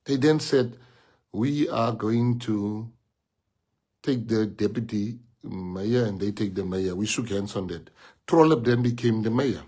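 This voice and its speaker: Husky South African man telling a story. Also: fairly low pitch, measured pace, mellow. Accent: South African English. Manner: repetitive, emphatic storytelling with quoted dialogue. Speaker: party leader addressing members. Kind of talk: rally speech.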